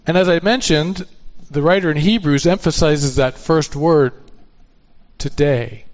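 A man's voice: fairly high pitch, expressive, normal speed, muffled recording. A man preaching a sermon in an earnest tone, often asking rhetorical questions. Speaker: pastor.

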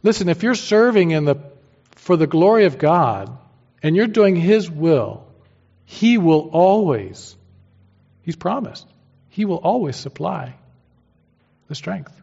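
A man's voice: on the high side, animated, slow, vocal fry, long pauses, a little mellow, husky. A man preaching a sermon as pastor, emphatic and using homely everyday analogies. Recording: dull lo-fi sermon recording.

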